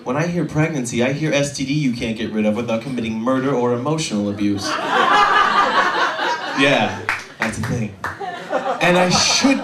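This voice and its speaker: A man in his twenties doing a stand-up set, rambling and self-deprecating, often halting with fillers. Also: on the high side, roomy sound, recorded from a distance. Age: 20s. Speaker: stand-up comedian.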